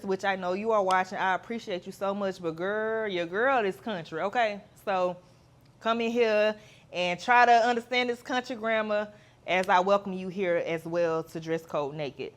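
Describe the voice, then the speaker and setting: A woman's voice: medium pitch, moderate pace. A woman, hosting a podcast in a candid, chatty monologue with playful asides. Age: 30s. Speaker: podcast host.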